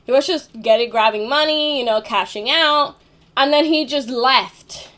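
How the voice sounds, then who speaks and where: A young woman with a high voice tells a story in a loose, rambling way. She leans on fillers, restarts her sentences and swears now and then. She sounds like she is chatting to a camera. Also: unhurried, a bit bright. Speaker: vlogger. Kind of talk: casual storytelling.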